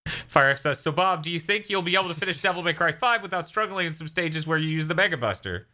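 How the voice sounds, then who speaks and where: A man co-hosting a casual gaming podcast, animated, often laughing and slipping into silly voices. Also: a little high, fast. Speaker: podcast co-host.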